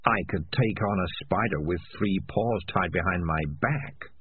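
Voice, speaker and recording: A man's voice: sits low, measured pace, breathy edge, heavily acted. A man voicing a sardonic, self-serving talking tomcat with a wry, cocky manner. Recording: tinny lo-fi audiobook recording.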